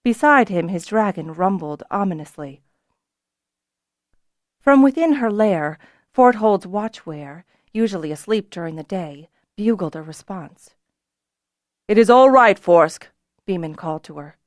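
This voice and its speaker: A woman narrates a fantasy audiobook in a measured, scripted reading. Her voice sits a little low, and the recording is dry and close with no room sound. She lifts her voice when she speaks the characters' lines. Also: expressive, dry recording. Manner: voices characters with rises in pitch and volume.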